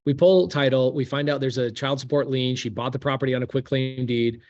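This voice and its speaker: A man with a middle-range voice tells a story with lively, animated energy, full of casual slang. He speaks in a relaxed podcast conversation as a real estate investor. The audio is a bit dull. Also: mid-range voice, a little fast.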